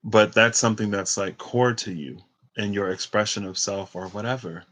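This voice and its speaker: A man's voice: on the low side, moderate pace, a bit bright, rough recording. A man in his twenties giving a casual tarot reading, chatty and rambling off into tangents. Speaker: tarot reader.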